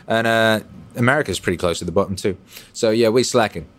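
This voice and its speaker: A man with a fairly low voice hosts a relaxed livestream and answers viewers' chat messages. His delivery is profane and animated. He jumps from shouted bursts to quiet, low asides. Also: fast talker. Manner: profane, animated, swinging between loud bursts and mumbles. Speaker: livestream host reading chat.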